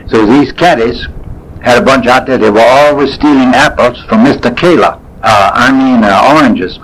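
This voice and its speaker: A man, telling folksy stories from his past in a rambling, unhurried way. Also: medium pitch, a bit bright, breathy edge, rough recording. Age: 80s. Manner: folksy, unhurried, drifting with fillers and self-corrections. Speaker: storyteller. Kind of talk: rambling spoken reminiscence.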